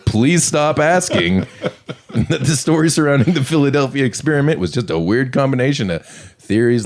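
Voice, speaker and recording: A man co-hosting a podcast, reading notes aloud and breaking into jokes and giggles. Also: mid-range voice. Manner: giggly, reads script then riffs. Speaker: podcast co-host. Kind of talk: casual chat, reading out notes.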